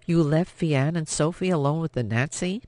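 A man's voice: a little high, normal speed, darkish tone, no room sound, lightly acted. A man playing a bitter, drinking middle-aged father who speaks in a weary, stern manner.

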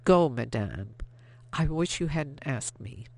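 An audiobook narrator voicing a German army captain who speaks in a low, restrained and formal way. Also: expressive, slow, vocal fry, darkish tone, dry recording, heavily acted. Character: German army captain, courteous but firm.

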